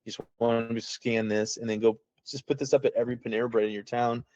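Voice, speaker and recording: A man's voice: mid-range voice, steady tone, fast talker, a little mellow, dull audio. A man giving a casual, rambling walkthrough of his app over a video call. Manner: rambling, folksy, self-interrupting. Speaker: app founder. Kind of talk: casual screen-share walkthrough.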